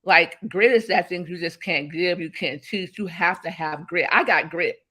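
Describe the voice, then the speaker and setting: A woman's voice: lowish voice, moderate pace, sharp tone. A woman guest in an interview, talking emphatically and telling stories that act out past conversations. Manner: emphatic, storytelling, acts out quoted exchanges. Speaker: interview guest, business coach.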